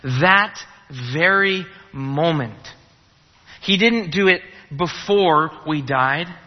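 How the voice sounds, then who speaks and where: A man's voice: a little high, extremely slow. A man preaching a sermon, emphatic, repeating key phrases and asking rhetorical questions. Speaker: pastor. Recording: reverberant hall, dull lo-fi sound.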